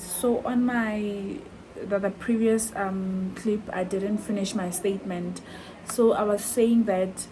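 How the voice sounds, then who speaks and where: A woman's voice: mid-range voice, noisy background. A woman chatting in a heartfelt, chatty way to her vlog viewers, calling them guys. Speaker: vlogger. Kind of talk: casual vlog chat.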